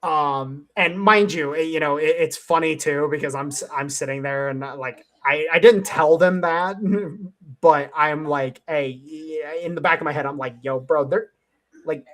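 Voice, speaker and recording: A man's voice: fairly high pitch, moderate pace, a bit bright. A man hosting a casual panel chat, telling stories in a rambling way, swearing often and laughing a lot, speaking into a headset. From Cleveland area, USA. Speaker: host.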